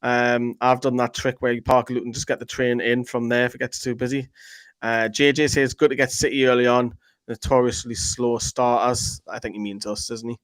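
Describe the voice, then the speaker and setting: A man's voice: medium pitch, flat delivery, fairly bright tone, no echo, low-quality recording. Chatty man reading fan comments. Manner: chatty, rambling, quick to joke. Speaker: fan channel co-host. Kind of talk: casual chat reading viewer comments.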